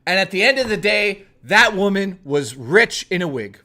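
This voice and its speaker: A man streaming, telling a personal story in a casual, animated and profane way, often swearing that it is true. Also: high-pitched, moderate pace.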